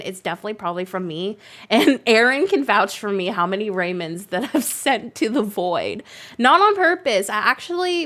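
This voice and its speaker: A young woman streaming a game, chatting casually, giggling often and bursting into excited outbursts. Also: medium pitch. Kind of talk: casual live-stream chat while playing.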